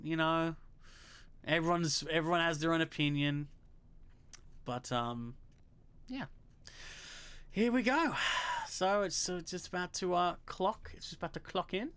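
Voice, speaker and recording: Man, game walkthrough host, high bright voice, casual thinking-aloud commentary with jokes. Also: a little slow, pauses often, clean tone. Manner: chatty, thinks aloud, jokey asides.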